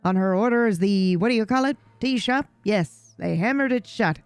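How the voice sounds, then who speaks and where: A woman's voice: medium pitch, moderate pace, a little mellow, no echo, soft background music, natural voice. A woman voicing a jaded, vain, regal male cat in a video game, with a posh mock-transatlantic drawl full of scorn. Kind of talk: reading game dialogue aloud.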